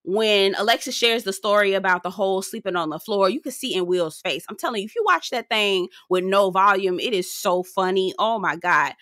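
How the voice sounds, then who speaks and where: A woman hosting a casual reality TV recap, sassy and animated, swearing freely as she talks straight to her viewers. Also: mid-range voice, fairly quick, few pauses, no echo, clean studio sound.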